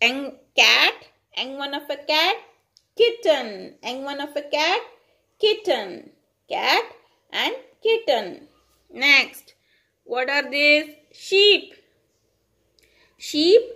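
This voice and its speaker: A young Indian woman teaching small children, speaking slowly in a sing-song way and repeating words for them to echo. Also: sits high, bright, forceful tone. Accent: Indian English. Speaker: pre-primary school teacher. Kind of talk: online lesson for small children.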